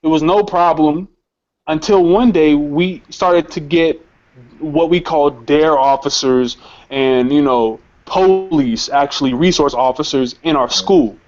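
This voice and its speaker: A young man with a fairly high voice tells a personal story on his show. He talks in a heated, profane way, tripping over repeated words as the memory shakes him. The recording is slightly muffled and lo-fi. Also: a little slow, darkish tone. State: emotionally shaken. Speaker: host.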